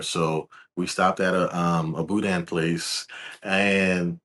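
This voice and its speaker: A laid-back young man from Louisiana, answering interview questions as a guest in a calm, soft-spoken way. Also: low voice, slow. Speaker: guest, videographer.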